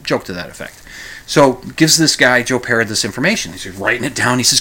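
A man's voice: lively intonation, fairly quick, pushed and bright, breathy edge. A man hosting a podcast, retelling a story in a casual, rambling way, correcting himself and chuckling as he goes. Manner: rambling, self-correcting, chuckles while recounting; acts out quoted lines in a higher voice. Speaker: podcast host.

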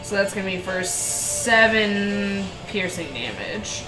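Woman player, deliberate and thinking aloud, mid pitch, roomy echo, music underneath. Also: lively intonation. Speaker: tabletop game player. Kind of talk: casual chat. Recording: echoey room with music behind.

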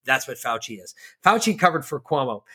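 A man's voice: medium pitch, big pitch swings, brisk, a loud crowd. A man co-hosting a casual political podcast, ranting with lots of profanity. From Georgia, USA. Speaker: podcast co-host.

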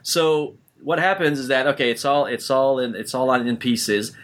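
A man telling a story on a podcast in a lively, animated way. He talks at a middling pitch, laughs often and trips over his words while he chats. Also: moderate pace. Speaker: podcast co-host. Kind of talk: casual chat.

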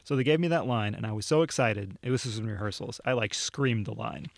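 A man's voice: on the low side, brisk, vocal fry. A young man, a video producer, casually recounting stories in a podcast chat, with lots of fillers and easy laughs. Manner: laid-back storytelling with frequent fillers and laughs. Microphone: studio microphone.

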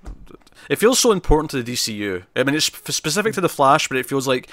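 Host, man, bright forceful tone, dry sound, casual rambling chat. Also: medium pitch, very animated, fast, no echo. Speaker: podcast host.

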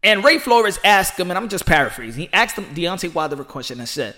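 A man with a high, bright voice gives loose, rambling boxing commentary. He's animated and laughs freely as he riffs. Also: fast talker, hardly any pauses. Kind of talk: casual commentary.

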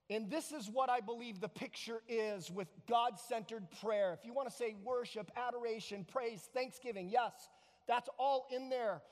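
High-voiced man preaching in a hall. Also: normal speed. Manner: animated storytelling with repetition. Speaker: pastor. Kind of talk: sermon.

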